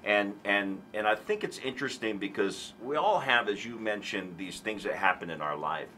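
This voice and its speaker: A man in his forties speaks earnestly as a talk show guest, his voice low-pitched but sharp and forceful in tone. He stumbles through restarts and then lifts into animated emphasis. A faint background hiss sits under the recording. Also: moderate pace. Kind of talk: earnest conversational storytelling.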